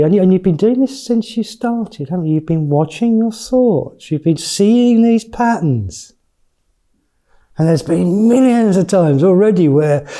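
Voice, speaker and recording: A man's voice: fairly high pitch, warm tone. A man in his fifties, a mindfulness teacher giving a candid, chatty retreat talk with blunt swearing. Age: 50s.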